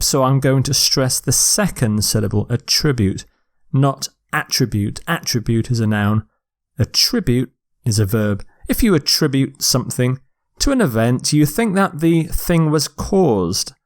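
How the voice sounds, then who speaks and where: Man, English teacher, vocabulary lecture, slow careful delivery, stressed syllables, mid pitch.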